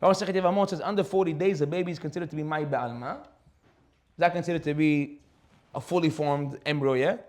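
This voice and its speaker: Fast-talking, high-voiced rabbi preaching. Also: male voice. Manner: animated storytelling, rhetorical questions, laughs often. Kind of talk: sermon.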